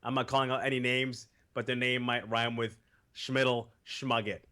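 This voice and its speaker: A man's voice: medium pitch, level tone, normal speed, bright, forceful tone. Chill guy hosting a gaming podcast, calls everyone dude. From Massachusetts. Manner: laid-back, says man and dude a lot. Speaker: podcast host. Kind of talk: casual chat.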